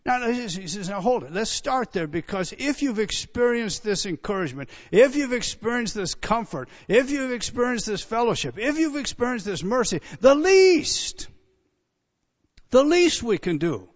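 A man's voice: sits high, animated, moderate pace, few pauses. Emphatic preacher, man, lo-fi recording. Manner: emphatic preaching, rising to near-shouts on key phrases. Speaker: pastor. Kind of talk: sermon. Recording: dull lo-fi sound.

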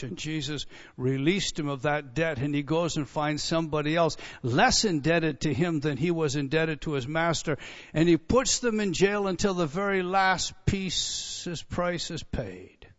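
A man preaching a sermon as pastor, emphatic, building up to near-shouts on key points. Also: on the high side, normal speed. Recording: dull lo-fi sound.

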